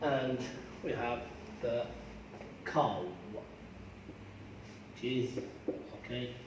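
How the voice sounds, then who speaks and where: An English teacher with an Algerian accent, a man whose first language is Arabic, giving a classroom pronunciation lesson and slowly repeating words aloud to drill them. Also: medium pitch, steady tone, background noise. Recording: echoey classroom from far off.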